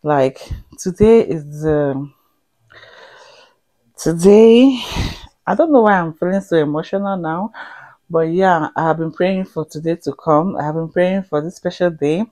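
A young woman vlogging to camera with heartfelt thanks, sighing and dropping into soft whispers at times. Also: on the low side, a little slow, pauses often. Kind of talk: emotional personal vlog to camera.

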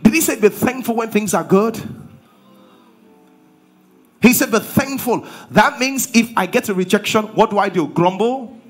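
A man's voice: high-pitched, moderate pace, pauses often, soft background music. A man preaching a sermon as pastor. He drives his points home with rhetorical questions and call-and-response.

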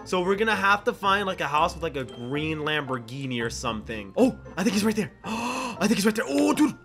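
A man giving excited gameplay commentary as a gaming YouTuber, gasping and laughing often. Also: high voice, fairly quick, soft background music. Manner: drops to a hushed voice when sneaking.

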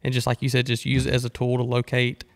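A man, a podcast guest talking in a laid-back, rambling way and thinking out loud. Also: mid-range voice, completely flat delivery, fast, vocal fry. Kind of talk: casual conversation.

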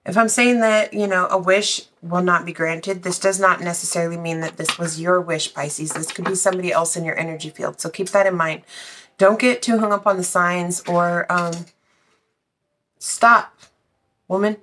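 A woman's voice: lowish voice, fairly even intonation, normal speed, a bit bright. Chatty, blunt woman reading tarot. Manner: chatty, blunt, swears casually. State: out of breath. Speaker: tarot reader.

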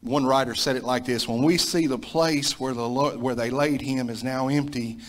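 A man's voice: mid-range voice, fairly even intonation, normal speed. Emphatic Southern preacher man. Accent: Southern American. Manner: emphatic preaching, repeating phrases and rising to loud peaks. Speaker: pastor. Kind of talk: sermon.

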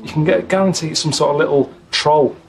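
A man in his late thirties grumbling in a dry, blunt, deadpan way. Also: fairly high pitch, fast, vocal fry, faint music behind. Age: 30s. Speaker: traveller on a comedy travel show.

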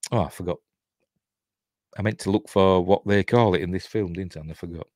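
Middle-aged yorkshire guy rambling on about a film, lowish voice, dry close sound. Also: brisk, darkish tone, no room sound. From Yorkshire, England. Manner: rambling, chuckling, self-interrupting. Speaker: host. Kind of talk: casual film commentary.

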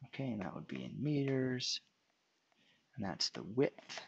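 A man's voice: medium pitch, big pitch swings, measured pace, vocal fry, slight background noise. A man giving an unscripted whiteboard lecture, explaining step by step as he draws and often restarting his phrases. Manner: unscripted, restarts and fillers while drawing. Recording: dull lo-fi sound.

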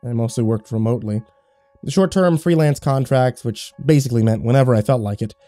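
Dude narrating a creepy story all sarcastic, warm low-key voice, soft music under it. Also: male voice, brisk, no echo. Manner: wry, sarcastic first-person telling. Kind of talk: scripted horror story narration.

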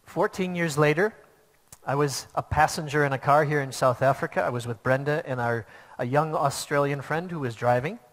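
A man's voice: a little high, moderate pace, fairly bright tone. A man preaching a sermon to a church, telling a personal story in an earnest, plain way. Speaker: pastor. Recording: long hall reverb.

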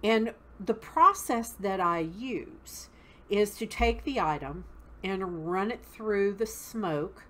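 A woman's voice: medium pitch, pushed and bright. A woman with a Southern US accent teaching witchcraft basics, explaining patiently step by step and checking in with "okay?". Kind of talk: casual instructional talk.

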